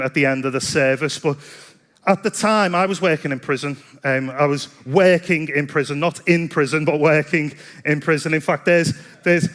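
A man's voice: fairly high pitch, a bit bright. A man preaching a sermon in a chatty, self-deprecating storytelling way. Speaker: pastor.

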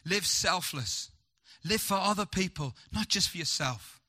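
An animated, high-pitched man preaches a sermon, throwing rhetorical questions at the congregation and swinging from loud, urgent lines to hushed, slow ones.

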